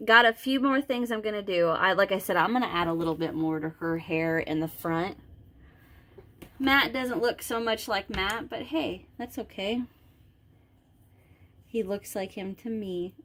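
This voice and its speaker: A woman hosting a homemade crochet tutorial, talking in a loose, rambling way with plenty of ums and false starts. Her pitch sits in a middling range for a woman. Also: a bit bright. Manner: chatty and rambling, with frequent ums and restarts. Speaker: crochet channel host. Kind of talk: casual tutorial talk.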